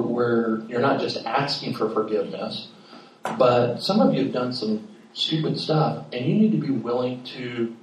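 A man's voice: mid-range voice, a little mellow. A middle-aged man preaching a sermon in a conversational storytelling way, acting out family conversations. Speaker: pastor. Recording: echoey room, mic at a distance.

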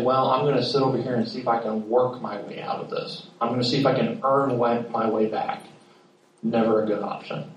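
A middle-aged man preaching a sermon in a conversational storytelling way, acting out family conversations. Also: medium pitch. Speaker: pastor. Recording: echoey room, mic at a distance.

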